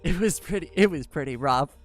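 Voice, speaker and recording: A woman's voice: low voice, animated, brisk, soft background music. Chatty androgynous-voiced woman streamer. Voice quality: androgynous-sounding voice. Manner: chatty, rambling, many fillers and restarts. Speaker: livestream host. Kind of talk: casual livestream chat, answering chat.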